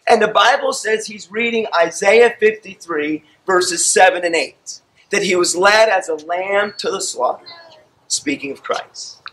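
A man preaching a sermon with a high, bright, forceful voice. He tells the story with animated flair, acting out the characters. He sounds out of breath from the effort. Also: rough recording. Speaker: pastor.

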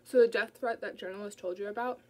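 A woman voicing a gentle, sheepish young man who speaks softly, in an audiobook reading. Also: medium pitch, steady tone, fast, natural voice, rough recording. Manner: soft-spoken, sheepish.

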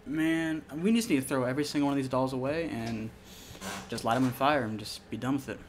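With a little hiss or hum behind him, a young gamer in a mid-range voice talks a little fast through a horror game. He curses plenty, stays jumpy and excitable, and yelps when something startles him.

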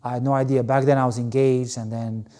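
Mellow-voiced man telling his story. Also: mid-range voice, brisk. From Albania. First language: Albanian. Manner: animated, many fillers like "you know". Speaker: guest, former Olympic volleyball player. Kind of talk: candid interview storytelling.

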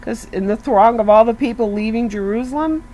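This devotional speaker's voice is fairly high, fairly quick, and mellow, though the recording cuts off the highs and carries a little hiss or hum. She talks casually and earnestly, asking her listeners rhetorical questions and frequently saying "you know."

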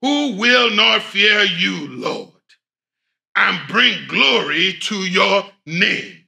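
Gravelly, bright-voiced preaching man. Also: sits high, sing-song, drawn-out words. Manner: preaching with sudden shouted emphasis. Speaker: pastor. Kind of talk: sermon.

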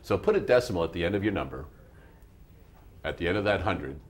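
Speaking fairly quickly in a low-pitched, slightly rough and expressive voice, this man hosts a studio math TV show. His teaching is patient and coaxing in a classroom style, and he keeps checking in with his audience with "all right?".

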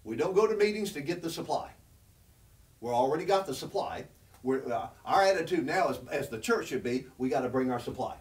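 Male preacher, earnest teaching sermon, higher-pitched voice, picked up from a distance. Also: expressive, fairly quick. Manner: earnest and conversational, rises in pitch when emphatic. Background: congregation responding.

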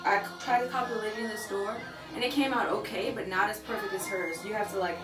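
A young woman from Georgia with a Southern American accent, vlogging to the camera at home in a chatty, animated way. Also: mid-range voice, fast talker. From Georgia, USA. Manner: animated and chatty, talking straight to the viewer. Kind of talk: casual vlog chat. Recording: roomy, mic at a distance, music behind.

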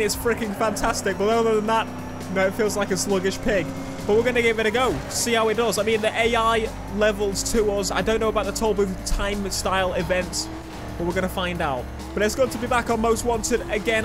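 Excitable high-voiced gamer. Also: male voice. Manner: excitable, shouts and laughs at the race. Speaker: gaming YouTuber. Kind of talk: let's play commentary. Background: game music and engine sounds.

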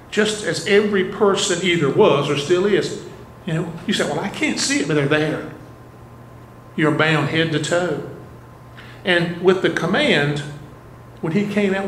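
A man's voice: a little high, a little hiss or hum. A man preaching a sermon as a pastor, earnestly putting rhetorical questions to his congregation. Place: church sanctuary. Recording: echoey church room, faint ambience.

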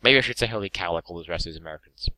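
A man's voice: low-pitched, very fast, sharp tone, dry recording. A young man with an English accent, opening card packs on camera in hyperactive, sweary casual commentary. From England. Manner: hyperactive, swearing, laughing often.

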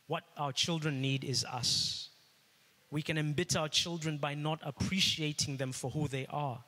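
A man's voice: fairly high pitch, moderate pace, pushed and bright. A middle-aged man preaching a sermon as pastor, earnest and repeating phrases for emphasis. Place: church hall. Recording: echoey hall.

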